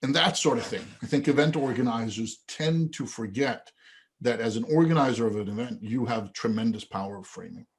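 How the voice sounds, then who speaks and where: A man being interviewed on a podcast, his voice sitting at an ordinary middle pitch. He tells a long anecdote with animation, slipping into the voices of the people in it. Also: brisk. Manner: animated storyteller who acts out quoted dialogue. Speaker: guest, event organizer.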